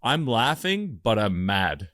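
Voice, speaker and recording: A man's voice: on the low side, sing-song, slow pace, fairly bright tone, dry recording, studio quality. A man co-hosting a casual podcast, chatting in an easygoing, reflective way. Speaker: podcast co-host.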